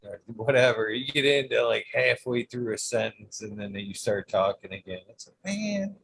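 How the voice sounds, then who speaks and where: A man's voice: on the low side, fairly even intonation, normal speed, gravelly, fairly bright tone, slight background noise, low-quality recording. A man hosting a casual podcast, mischievous and rambling through joke ideas. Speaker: podcast host. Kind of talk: casual chat.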